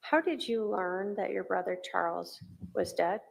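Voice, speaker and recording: A woman questioning a witness in a courtroom in a gentle, measured way. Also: mid-range voice, gravelly. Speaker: trial attorney.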